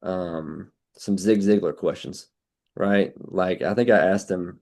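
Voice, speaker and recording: A man's voice: low voice, unhurried, mellow. A man, telling a blunt, folksy sales story on a team call, quoting his own dialogue with many restarts.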